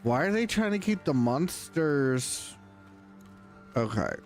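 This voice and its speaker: A man's voice: fairly high pitch, big pitch swings, slow, soft background music. A male streamer reacting aloud to a game while he plays it, in a chatty, casual way. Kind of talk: casual gameplay commentary.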